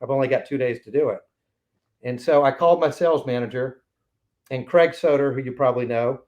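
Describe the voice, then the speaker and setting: A man's voice: medium pitch, brisk, a little mellow, muffled recording. A man in his sixties, a podcast guest, telling anecdotes in a casual interview and acting out the voices of the people in them.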